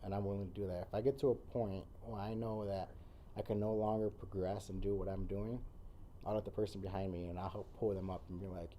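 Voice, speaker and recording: Very dark-voiced man talking earnestly. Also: low voice, level tone, quick pace, slight background noise. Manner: earnest, speaks in repeated phrases and restarts. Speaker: podcast guest. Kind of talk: casual conversation.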